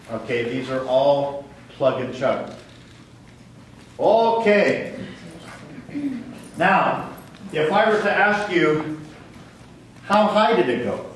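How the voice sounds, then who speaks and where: A man's voice: on the high side, recorded from a distance, a little hiss or hum. A man giving a physics lecture to a class, asking questions and answering them himself. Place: lecture hall. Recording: very echoey hall, voice from off-mic.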